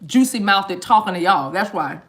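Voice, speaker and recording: A woman's voice: medium pitch, lively intonation, moderate pace, a bit bright. A woman hosting a tarot live stream, chatting casually and playfully with viewers in slang, joking and laughing often. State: eating a mint while talking.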